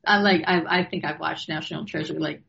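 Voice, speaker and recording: Low gravelly-voiced woman chatting. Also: fairly even intonation, a little fast, a bit bright. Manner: reflective, laughs often. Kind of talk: casual chat. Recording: slightly dull lo-fi sound.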